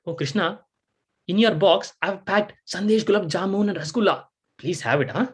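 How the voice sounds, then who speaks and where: A man's voice: normal speed, natural voice. A man voicing a doting, anxious mother who keeps calling her son back, with a raised, fussing voice. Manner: fussing, pleading, high-pitched.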